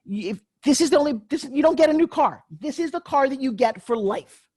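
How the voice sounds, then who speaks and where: A middle-aged woman, a guest on a podcast interview, speaking as an emphatic, energetic motivational speaker. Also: sits high, a little fast.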